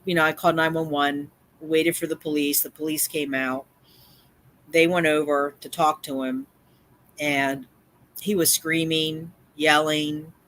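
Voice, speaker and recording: A woman's voice: deep voice, sharp tone. A woman hosting a livestream who tells her chat about a neighbor with emphatic repetition, many fillers and restarts, sounding upset and shaken. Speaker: livestream host and community cat caretaker.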